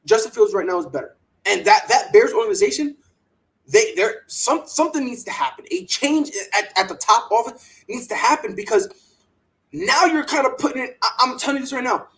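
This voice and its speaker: Animated sports podcast host, lively pitch. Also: brisk, rough recording. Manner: animated and emphatic, repeats words, mocks others in quoted voices. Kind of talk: opinionated sports talk.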